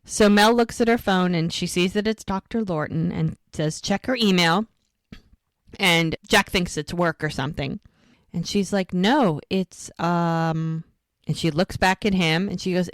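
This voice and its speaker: A woman's voice: fairly low pitch, moderate pace, dry recording. A woman co-hosting a podcast, casually recapping a TV episode and acting out the characters' lines. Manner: animated retelling, acts out dialogue.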